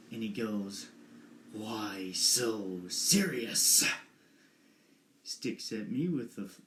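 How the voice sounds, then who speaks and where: A young man doing an impression of a menacing male movie villain telling a dark story, in an echoey room. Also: lowish voice, slight background noise.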